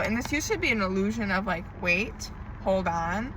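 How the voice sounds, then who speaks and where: A woman speaks in a raw, unscripted diary-style monologue, repeating herself for emphasis and swearing freely. Her voice is bright and sharp-edged. Faint background noise sits under the recording. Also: mid-range voice, lively intonation, measured pace, few pauses, poor audio. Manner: swearing, venting, emphatic repetition. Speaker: tarot reader.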